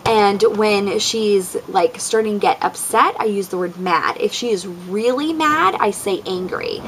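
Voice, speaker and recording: A woman's voice: mid-range voice, measured pace, fairly bright tone, a little hiss or hum, poor audio. A young woman talking casually about parenting tips, with frequent ums and likes, often acting out what she says to her kids. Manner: chatty, lots of ums and likes, acts out quotes. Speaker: parent vlogger. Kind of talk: casual advice talk.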